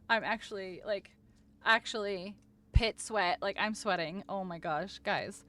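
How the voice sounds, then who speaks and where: Woman streamer, middle pitch, flustered gushing chat, near tears. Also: sing-song, unhurried, a bit bright. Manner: flustered, gushing thanks to viewers, stumbling over words. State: overwhelmed, close to tears. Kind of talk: casual live-stream chat.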